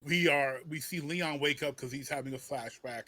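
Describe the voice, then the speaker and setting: A man hosting a casual podcast, joking about a film with many quick restarts. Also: medium pitch, sharp tone, a little hiss or hum. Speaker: podcast host.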